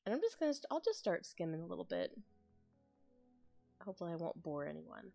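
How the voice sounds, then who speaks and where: A woman's voice: on the low side, very animated, fairly quick, gravelly, faint music behind. A woman chatting casually on a stream as an ASMR creator, thinking aloud and rambling. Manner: rambling, thinks aloud with restarts and soft laughs. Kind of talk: casual live-stream chat.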